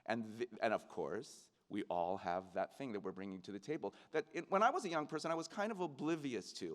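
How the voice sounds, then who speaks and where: A man's voice: medium pitch, expressive, fairly quick, hardly any pauses. Earnest man speaking in a reverberant hall. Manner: earnest, reflective, with many restarts and fillers. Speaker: commencement keynote speaker. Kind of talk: speech to graduates. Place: large ceremony venue.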